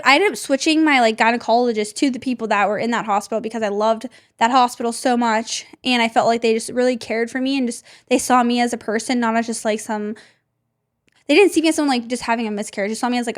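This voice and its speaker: A woman's voice: fairly high pitch, steady tone, fast. A young woman, a podcast host, telling a personal story with emotion and many "like" fillers. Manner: emotional, heavy use of "like" fillers.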